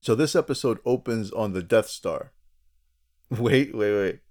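A man's voice: on the low side, a little slow, a little mellow. A man co-hosting a casual podcast, chatty and jokey, often restarting his sentences. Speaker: podcast co-host.

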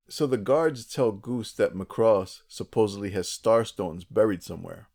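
A man with a fairly low voice hosts a relaxed podcast, walking through a cartoon episode scene by scene. He tells it in an animated, chatty way, full of asides. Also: creaky. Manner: animated storyteller, quick asides, frequent laughter. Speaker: podcast co-host. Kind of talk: casual chat recapping a cartoon episode.

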